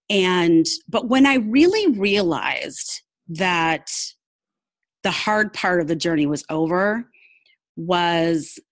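A woman's voice: on the low side, no echo. A woman talking openly and earnestly as an interview guest, often laughing as she tells her story. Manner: open and heartfelt. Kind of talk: candid personal interview.

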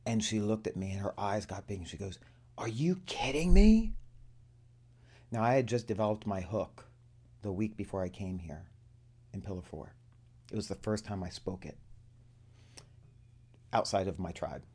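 A man's voice: deep voice, steady tone, normal speed, pauses often, a little mellow, slightly rough. A man telling a personal story to a group, earnestly acting out the dialogue he quotes. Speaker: coaching student.

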